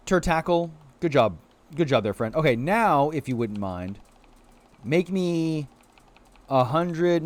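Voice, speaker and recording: A man with a fairly high voice commentates a game stream, his pitch swinging all over as he jokes with chat and coaxes the creatures on screen. He talks in a loose, playful way, full of quick apologies and asides. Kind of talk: casual livestream commentary.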